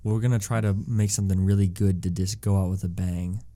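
A young man with a lowish, mellow voice co-hosts a casual movie podcast. He talks in loose sentences packed with "like" and drops wry, dry jokes. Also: fairly even intonation, a little fast. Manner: wry, filler-heavy, joking asides. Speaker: podcast co-host. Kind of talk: casual movie-review chat.

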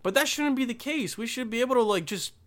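A man's voice: extremely high pitch, animated, fast talker, a bit bright. A young man from Bosnia with no accent, talking in a rambling, profane, emphatic casual monologue.

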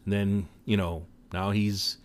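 A man casually retelling a movie plot in an animated way, with offhand swearing. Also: lowish voice, measured pace. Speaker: film recap commentator.

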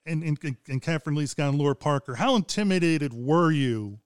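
A man's voice: a little high, brisk, clean tone, no room sound, studio quality. A man interviewing a guest in a chatty, casual way, often restarting his sentences.

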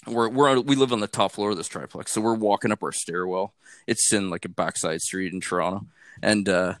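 A man's voice: lowish voice, brisk, dry recording. Laid-back young man, dry sound. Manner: laid-back, laughs easily, relaxed slang. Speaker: podcast co-host. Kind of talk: casual chat.

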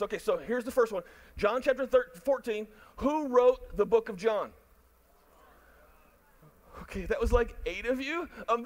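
A man pastor preaching a sermon, animated and jokey, addressing the crowd and online viewers. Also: extremely high pitch.

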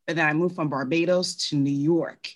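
A woman from Trinidad, chatting quickly and animatedly about her experiences. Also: deep voice. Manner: fast, animated storytelling with laughs. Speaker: co-host. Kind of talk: casual chat.

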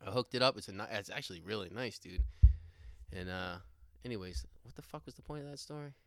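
A man's voice: lowish voice, fast, bright, forceful tone, no room sound, clean studio sound. A man telling rambling everyday stories in casual chat, laughing often and swearing now and then. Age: adult with a young son. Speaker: podcast co-host.

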